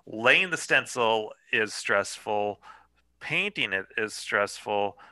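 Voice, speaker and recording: A man's voice: fairly low pitch, lively intonation, slow, pushed and bright, no echo, rough recording. A man hosting a podcast in casual chat, rambling with lots of fillers and swearing. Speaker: podcast host.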